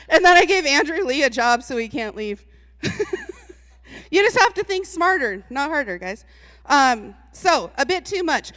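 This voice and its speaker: A woman giving a lively, comedic motivational talk to a live audience, chatty and teasing, laughing often. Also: high-pitched. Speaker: speaker at a live event. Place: large hall with an audience. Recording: long reverb from a large hall.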